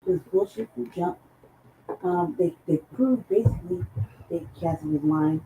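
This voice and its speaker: A woman co-hosting a casual talk show, hoarse from losing her voice, rambling and profane. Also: lowish voice, expressive, moderate pace, warm tone, highs cut off. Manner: rambling, profane, laughs between thoughts. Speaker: co-host. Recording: echoey room with faint noise.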